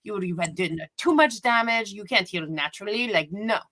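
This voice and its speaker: A woman's voice: medium pitch, moderate pace, fairly bright tone, lightly acted. A woman voicing a stern, scornful woman doctor with a thick European accent. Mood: insistent.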